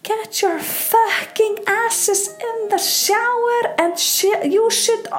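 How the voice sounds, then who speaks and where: A woman voicing a big, furious bath-house lady who screams orders at bathers. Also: takes it slowly. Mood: furious scolding. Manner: shrill, commanding, scolding.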